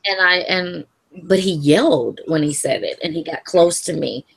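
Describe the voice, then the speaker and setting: Low-voiced woman with a gravelly edge. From Louisville area, Kentucky. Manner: calm, measured storytelling with soft laughs. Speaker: interviewee. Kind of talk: personal account in an interview.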